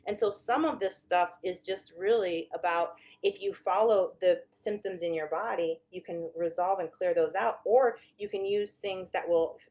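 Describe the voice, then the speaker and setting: A woman's voice: lowish voice, normal speed, hardly any pauses, a little mellow. A woman therapist explaining to viewers in a casual, candid, conversational way, often correcting herself mid-sentence.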